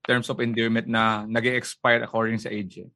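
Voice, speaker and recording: A man's voice: medium pitch, flat delivery, a little fast, sharp tone, dry recording, studio quality. A man in a casual chat, joking playfully and acting out quoted voices.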